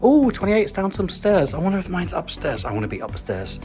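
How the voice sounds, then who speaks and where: A man's voice: high-pitched, sing-song, brisk, darkish tone, faint music behind. A man presenting a travel vlog, joking and theatrical as he walks through an airport and into a tiny hotel cabin. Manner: playful, theatrical, self-mocking. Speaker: travel vlogger.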